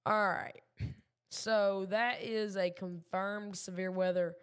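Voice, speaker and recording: A young woman with a Southern Kentucky accent gives casual live weather radar commentary on her livestream, chatty and self-deprecating with many ums. Her mid-range voice is steady and slow, with a clean tone.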